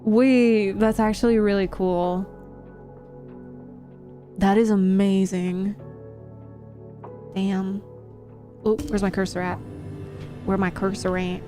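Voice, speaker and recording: Young woman, live streamer, casual chat with viewers, giggly, medium pitch, soft music underneath. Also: level tone, slow pace, pauses often. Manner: chatty, laughs often, reacts to chat.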